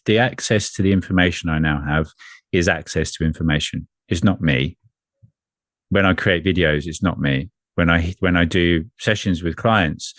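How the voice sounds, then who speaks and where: A man speaking as an energy coach in a spiritual conversation, earnest and measured, often repeating phrases. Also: sits low, no room sound, studio quality.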